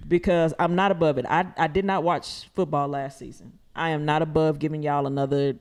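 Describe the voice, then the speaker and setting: Low-voiced, dry, tired woman. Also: steady tone, darkish tone. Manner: dry, teasing, unhurried. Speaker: podcast co-host. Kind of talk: casual chat.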